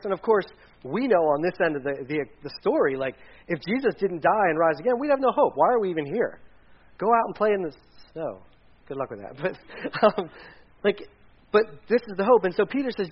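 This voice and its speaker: Pastor guy preaching casual, a bit high voice, rambly asides, dull lo-fi audio. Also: sing-song, fast, slightly rough. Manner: chatty, rambling with restarts and asides. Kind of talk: casual conversational sermon. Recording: dull lo-fi recording.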